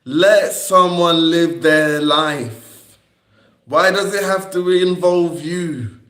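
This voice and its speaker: Brief: young adult man, livestreamer, slightly high voice, unhurried, combative and repetitive, roomy echo. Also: fairly bright tone. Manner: confrontational, repetitive, swearing at critics. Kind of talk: rambling livestream monologue. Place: indoor room on a livestream. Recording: echoey room.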